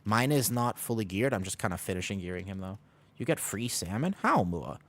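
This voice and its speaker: A fairly low-pitched man talks casually to his viewers as he plays, drifting between game calls and self-deprecating jokes. His talk is loose and rambling, full of asides to chat. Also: sing-song, fairly quick, slight background noise. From United States. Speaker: streamer. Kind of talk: casual gaming stream chat.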